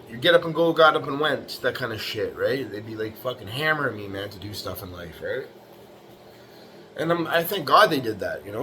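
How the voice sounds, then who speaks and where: A middle-aged man delivers a rambling, blunt motivational rant, cursing freely and tagging lines with "you know" and "right." His voice sits at an ordinary middle pitch. A faint noise runs underneath. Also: pushed and bright. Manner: profane, blunt, tough-talking. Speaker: bricklayer vlogger.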